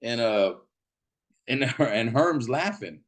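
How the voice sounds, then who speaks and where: A man's voice: expressive, slow pace. A man casually telling a rowdy, profane story, laughing as he goes and acting out the people in it. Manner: profane, laughing, acts out quotes in a shouting high voice. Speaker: podcast host.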